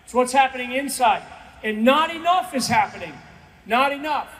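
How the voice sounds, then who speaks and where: Older man in his 60s, guest speaker at a rally; very high voice, emphatic and repetitive, pleading tone. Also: expressive, normal speed, fairly bright tone. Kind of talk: rally speech. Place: event stage.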